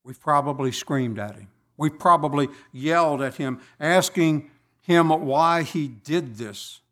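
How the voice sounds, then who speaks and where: Slow, deliberate male preacher. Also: on the high side, a bit bright. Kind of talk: sermon.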